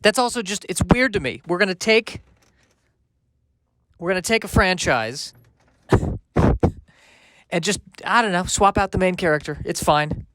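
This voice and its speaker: A man hosting a solo comedy podcast, rambling and self-deprecating, halting with many restarts and sardonic asides. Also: sits high, a bit bright, no echo. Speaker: podcast host.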